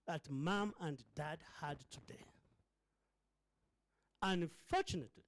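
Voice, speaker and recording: A man's voice: a little high, unhurried, smooth, poor audio. A middle-aged man, giving an impassioned fundraising speech as the founder of a charity, speaking like a preacher at a hotel breakfast event. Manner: preacher-like, building to fervent emphasis and repetition.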